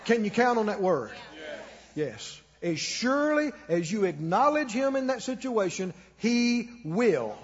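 High, husky-voiced preacher in a reverberant church. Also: male voice, sing-song, unhurried, muffled recording. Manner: emphatic, calls the congregation to repeat after him. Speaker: pastor. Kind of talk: sermon. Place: church sanctuary.

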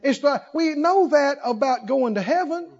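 A man preaching a sermon in an animated way, firing rhetorical questions and breaking into laughter. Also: very high voice, normal speed. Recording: dull lo-fi recording.

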